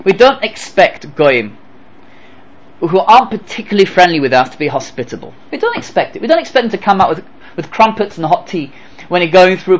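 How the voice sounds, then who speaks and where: A man giving a Torah lecture as a rabbi, animated, asking rhetorical questions and acting out little dialogues. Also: high voice, poor audio.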